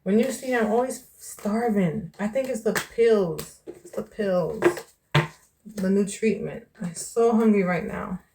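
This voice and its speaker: A woman's voice: medium pitch, unhurried, vocal fry, warm tone, a little hiss or hum. Chatty woman vlogger from New York. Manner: chatty and candid, calls the viewer "child" and "baby". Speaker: vlogger and tarot reader. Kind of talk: casual chat to camera.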